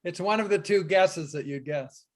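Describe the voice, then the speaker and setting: Brief: upbeat Spanish teacher, man, higher voice, encouraging, chatty anecdotes over a video call. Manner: encouraging, storytelling with quick asides. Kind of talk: online class teaching.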